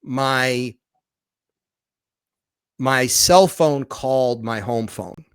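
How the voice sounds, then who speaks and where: This man speaks very slowly in a mid-range, clean voice, recorded in the studio with no room sound. He's a documentary filmmaker and author on a podcast, animatedly retelling a story while frequently starting over and repeating phrases.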